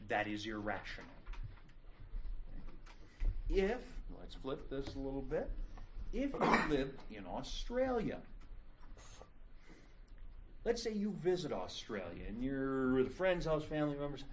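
A man's voice: medium pitch, very animated, a little slow, long pauses, slight background noise. A middle-aged man teaching a class, lecturing casually and telling stories with jokes. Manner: casual, joking storyteller.

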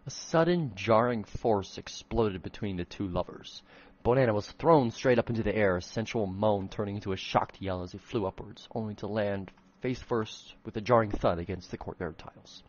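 Husky man reading fan fiction aloud. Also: on the low side, moderate pace, dull audio. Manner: self-mocking, swears in frustrated asides. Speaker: reader of his own old fan fiction. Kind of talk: comedic dramatic reading with asides.

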